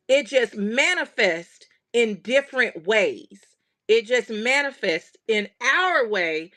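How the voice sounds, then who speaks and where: A woman's voice: on the high side, fairly bright tone. A woman hosting a craft livestream, chatting casually and animatedly straight to her viewers.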